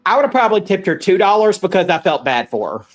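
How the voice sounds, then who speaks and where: A man's voice: sits high, big pitch swings, fast talker. A man co-hosting a casual podcast, talking in a rambling, blunt way and swearing freely. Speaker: podcast co-host. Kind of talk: casual chat.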